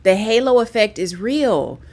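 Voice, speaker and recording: A woman's voice: mid-range voice, sing-song, unhurried, a little mellow. A woman guest on a livestreamed panel, speaking candidly and emphatically over a video call, often restarting her sentences. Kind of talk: casual panel discussion.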